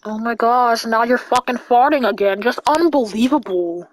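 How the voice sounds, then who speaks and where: A woman gamer giving live gameplay commentary, excitable and full of swearing and exclamations. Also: on the high side, normal speed, slight background noise. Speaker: gamer playing online with a partner.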